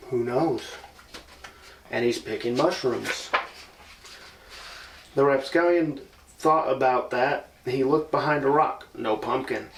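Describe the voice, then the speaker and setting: A man reads a children's storybook aloud in an old house and breaks off now and then for playful asides to his listeners. His voice has an ordinary middle pitch. The sound is roomy and comes from some distance away from the microphone. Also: creaky, slight background noise. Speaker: paranormal investigator.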